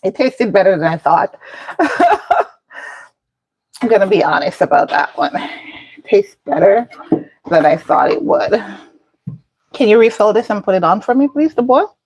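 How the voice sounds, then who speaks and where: A woman hosting a casual home cooking vlog, explaining each step in an unhurried way as she cooks in her kitchen. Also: medium pitch, lively intonation, a little mellow, slightly rough, no echo, rough recording. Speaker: cooking channel host.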